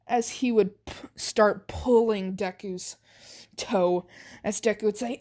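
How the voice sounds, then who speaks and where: A woman reading out an amateur fan story in the narrator's role. She speaks slowly and stutters, restarting words as she goes. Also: mid-range voice, fairly even intonation, darkish tone.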